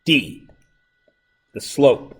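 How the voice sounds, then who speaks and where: A man teaching a math review lesson to a classroom, joking and going off on tangents while checking that his students follow. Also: drawn-out words.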